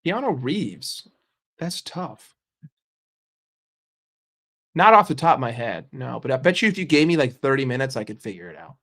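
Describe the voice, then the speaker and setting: A man hosting, chatting casually and answering questions offhand, halting now and then with fillers. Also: medium pitch, big pitch swings, creaky, a bit bright. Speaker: host.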